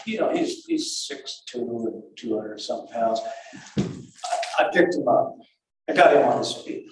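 An older man recounting a survival ordeal in a halting, breathless way, full of restarts and repeated words. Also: medium pitch, a little mellow, a little hiss or hum. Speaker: survivor telling his story. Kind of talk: spoken first-person recollection. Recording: very echoey and far from the mic.

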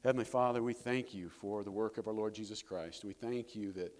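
A man preaching a sermon as pastor, animated, breaking scripture readings with joking asides. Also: lowish voice, fairly quick. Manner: animated, jokey asides, reads scripture with rising emphasis. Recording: long reverb of a hall.

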